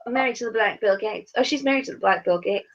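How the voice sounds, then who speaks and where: A woman co-hosting a casual reality TV chat with her son, ranting in a blunt, profane, animated way. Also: a little high, fast, lo-fi sound. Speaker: podcast co-host, mother.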